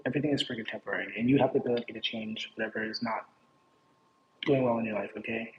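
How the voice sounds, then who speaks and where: A man's voice: fairly low pitch, steady tone, quick pace, lo-fi sound. A man giving a casual tarot reading, rambling and playful, often breaking off mid-thought. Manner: rambling, playful, self-interrupting. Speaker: tarot reader. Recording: echoey room with faint background noise.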